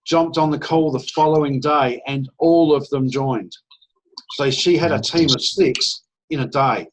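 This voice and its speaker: A man giving a persuasive pitch on a video call, slightly higher-voiced than most men. He sounds enthusiastic and chatty, and he slips into short acted-out phone conversations. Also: a little slow, background noise. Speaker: presenter at an online business opportunity meeting.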